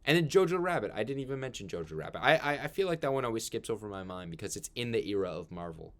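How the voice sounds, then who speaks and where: A man's voice: lowish voice, sing-song, quick pace, a bit bright. A man hosting a casual film review monologue, chatty and leaning on filler words.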